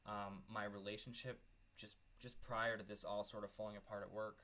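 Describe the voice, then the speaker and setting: A man's voice: lowish voice, flat delivery, normal speed, sharp tone. A man in his thirties telling a personal story in a vlog, earnest and candid, often stumbling over repeated words. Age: 30s. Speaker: vlogger.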